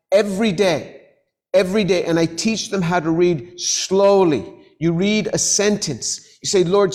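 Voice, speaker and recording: A middle-aged man preaching and teaching scripture, earnest, repeating key phrases and reading verses slowly. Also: on the high side. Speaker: preacher and professor. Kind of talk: sermon teaching.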